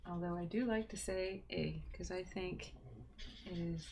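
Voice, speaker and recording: Woman streaming her art from home, easy rambling chat, some vocal fry, light room hiss. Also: fairly low pitch, steady tone, measured pace, darkish tone. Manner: chatty, talks to herself while drawing, drops into whispers. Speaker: livestream host drawing. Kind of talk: casual drawing livestream chat.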